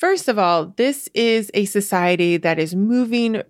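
This podcast host offers writing advice in a chatty, casual manner, her medium-pitched voice animated and unhurried. Fillers, restarts, and light laughter run through her explanations, captured on a podcast mic with clean studio sound and no room sound.

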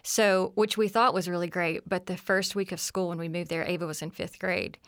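An earnest woman in her forties tells family stories as a podcast guest, her voice sitting a little low. The sound is close and dry, with no room around it. She talks things through in a reflective way. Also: fairly even intonation, fairly quick, no room sound. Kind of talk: conversational storytelling.

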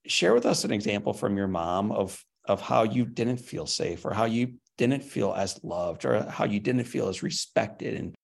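Low gravelly man hosting an interview. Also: lively intonation. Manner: earnest, empathetic, measured questions. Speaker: interview host. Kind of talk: heartfelt conversational interview.

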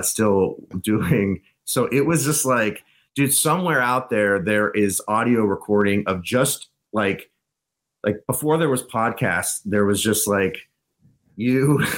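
A man's voice: fairly low pitch, slow pace, fairly bright tone. A man guesting on a podcast, telling rambling anecdotes and laughing often in casual chat. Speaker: guest, band frontman.

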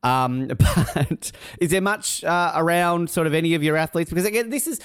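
A man's voice: on the high side, moderate pace, fairly bright tone, clean tone, dry recording, studio quality. A man co-hosting a sports podcast, joking and rambling with lots of fillers. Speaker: podcast co-host. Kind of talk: casual podcast chat.

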